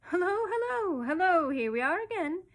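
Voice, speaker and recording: A woman's voice: a little high, expressive, normal speed, breathy edge. A woman voicing a cheeky male starling bird in a storybook reading, perky and wheedling in manner.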